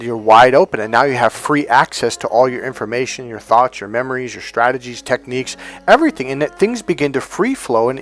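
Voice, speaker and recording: Middle-aged male coach talking casually, acting out dialogue as he tells stories; mid-range pitch, light music bed. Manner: storytelling, acts out dialogue, animated asides. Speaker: NLP trainer and hypnotherapist. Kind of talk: casual motivational talk.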